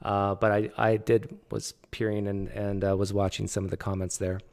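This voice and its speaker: A man's voice: fairly low pitch, level tone, normal speed, darkish tone. Canadian man hosting a live stream. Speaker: host. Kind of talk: casual live-stream chat.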